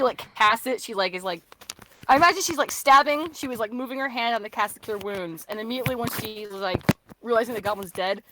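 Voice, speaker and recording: A woman's voice: mid-range voice, a bit bright. A woman playing a tabletop game, describing her character's actions in a rambling way full of fillers. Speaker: player. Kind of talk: casual tabletop game play.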